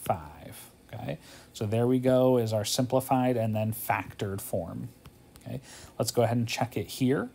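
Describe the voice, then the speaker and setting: A man's voice: mid-range voice, steady tone, moderate pace, vocal fry, warm tone, breathy edge. Tired man thinking aloud through math. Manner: casual, thinks aloud, frequent "okay?" checks. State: tired, yawning. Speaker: math teacher. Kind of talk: homework walkthrough lesson.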